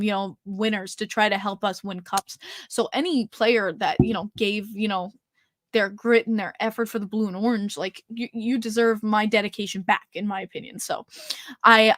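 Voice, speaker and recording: A young woman hosting a casual livestream podcast, gushing and excitable, swearing freely as she chats. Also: mid-range voice, no echo, clean studio sound. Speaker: podcast host.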